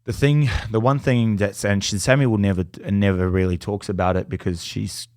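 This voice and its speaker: A man's voice: fairly low pitch, moderate pace, no echo, clean studio sound. A young Australian man, a podcast guest, telling stories in casual chat, swearing freely and acting out other people's lines. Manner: animated, swears freely, acts out quoted voices.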